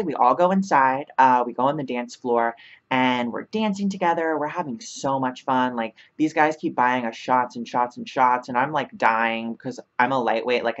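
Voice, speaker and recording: A woman's voice: a bass voice, highs cut off. A young woman vlogger telling a casual storytime, chatty, filling her talk with 'like' and laughing often.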